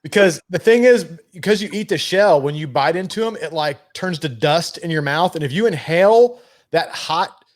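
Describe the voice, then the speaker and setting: Lively-voiced man in his forties. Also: a little high, moderate pace. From Louisville, Kentucky. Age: 40s. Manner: rambling, self-correcting, laughs often. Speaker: guest. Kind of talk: casual livestream chat.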